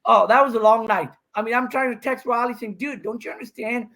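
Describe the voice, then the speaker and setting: Excitable man telling a match story. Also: extremely high pitch. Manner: excitable, fast-talking, acts out quotes. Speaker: pro pickleball player, podcast guest. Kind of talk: animated storytelling on a podcast.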